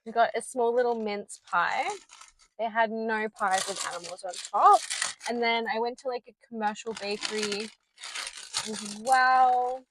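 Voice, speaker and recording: Sitting in a parked car, a young Australian vlogger tells a casual, rambling story into a small handheld mic, using many filler words. Her voice is a little high and steady at a normal pace, with background noise audible.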